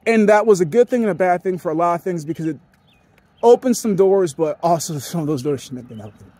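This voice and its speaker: Give me a rambling, foul-mouthed young man hosting a podcast, with a high voice and a dry sound. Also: expressive, quick pace, warm tone, no room sound. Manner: rambling, profane, laughs often. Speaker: podcast host. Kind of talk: casual monologue.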